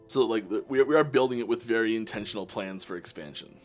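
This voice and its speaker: A man's voice: fairly low pitch, quick pace. A Canadian man, a game developer, chatting casually on a live stream and answering viewer questions, with many restarts and fillers. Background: faint game music.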